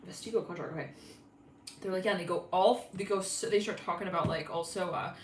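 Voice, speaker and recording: A woman's voice: on the low side, fast. Woman, casual tarot reader, giggly and rambling, roomy room with faint hiss. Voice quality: giggly, rambling with many fillers. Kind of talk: casual intuitive reading.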